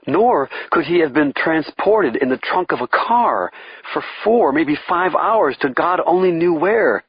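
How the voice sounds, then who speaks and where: A man's voice: a little high, expressive, moderate pace, breathy edge, dry recording, dull audio. A man giving a dramatic, tense scripted thriller narration. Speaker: audiobook narrator.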